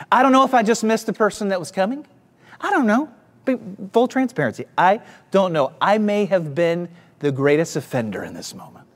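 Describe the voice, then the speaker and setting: A pastor with a Southern US accent, preaching and telling a self-deprecating story to his church. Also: high voice. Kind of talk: sermon.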